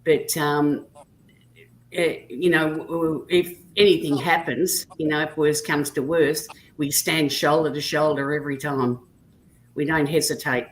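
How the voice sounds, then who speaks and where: Low-voiced Australian woman telling yarns. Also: fairly even intonation, unhurried, a little hiss or hum, low-quality recording. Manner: chatty anecdotal storyteller. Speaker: guest on a live chat stream. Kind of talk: casual chat.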